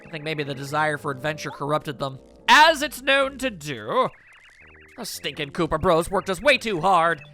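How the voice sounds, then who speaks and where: A man voicing a spunky, quick-tempered young female bomb creature from a video game, pitching his voice up high. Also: big pitch swings, sharp tone, faint music behind. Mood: chatty.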